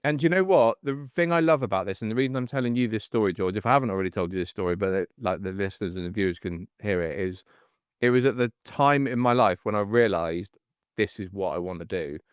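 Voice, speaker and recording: A podcast host and coach in his forties chats casually, telling stories with animation and acting out the voices of the people in them. His fairly low voice is smooth and fast, captured as clean studio sound with no room sound.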